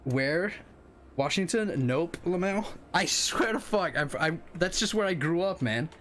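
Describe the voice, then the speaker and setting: Northern English man streamer, lively swings in pitch, sweary and quick to laugh, slightly raised voice. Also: a little hiss or hum. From northern England. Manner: animated, swears freely, laughs often. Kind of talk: casual gaming livestream commentary.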